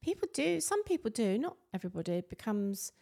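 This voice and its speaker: A woman's voice: fairly high pitch, very animated, a little fast, gravelly, mellow. A woman in her fifties, a mother co-hosting a casual chat podcast, chatty and teasing. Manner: chatty, teasing, laughs often.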